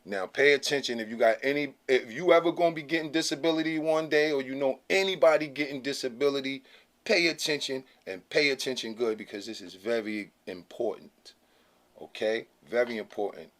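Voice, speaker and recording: Brisk and a bit bright, the medium-pitched voice belongs to a man hosting his own channel. He talks casually to camera with blunt, slangy emphasis, regularly tossing in "okay?".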